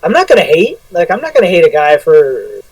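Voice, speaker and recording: A man co-hosting a casual podcast, joking around and cursing freely. His voice sits a little high and sounds set back from the microphone in a dead, dry room. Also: wildly swooping pitch, brisk, dry recording, distant mic, low-quality recording. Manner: joking, swears a lot. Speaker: podcast co-host. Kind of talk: casual banter.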